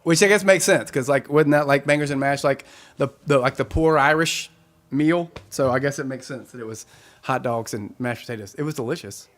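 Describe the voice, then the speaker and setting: A man's voice: medium pitch, brisk. A man hosting a weekly live concert stream, chatting casually and rambling with his viewers and laughing often.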